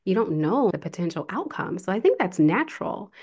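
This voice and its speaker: A woman's voice: on the low side, big pitch swings, fairly quick, a little mellow, husky. A woman hosting an interview, asking reflective and encouraging questions. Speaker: podcast host.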